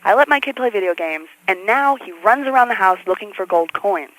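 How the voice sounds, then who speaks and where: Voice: medium pitch, animated, fairly quick, a bit bright, no echo, close to an everyday voice, poor audio. An actor voicing a worried mother who calls a radio show and moralizes in a fretful way.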